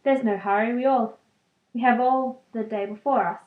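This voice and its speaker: A fussy, comfortable hobbit gentleman, polite but plainly wishing to be left in peace, read aloud by a woman. The lines come a little raised, with small stumbles here and there. The sound is thin and phone-like, bouncing around a roomy space. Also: fairly high pitch, fairly even intonation, normal speed, natural voice. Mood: politely fussy.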